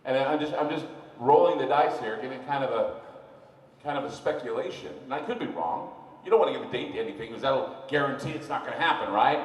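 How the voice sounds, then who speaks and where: A man, a radio talk host, speaking live to a bar audience as an animated, rambling storyteller with mocking asides. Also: medium pitch, fast talker. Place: sports bar, live event. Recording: roomy, far-off live room sound with faint noise.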